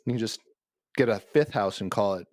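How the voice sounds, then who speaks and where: A man's voice: on the low side, brisk, dry recording, clean studio sound. A man from Minnesota co-hosting a casual podcast chat, playful and teasing, with a self-deprecating humor. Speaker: podcast co-host.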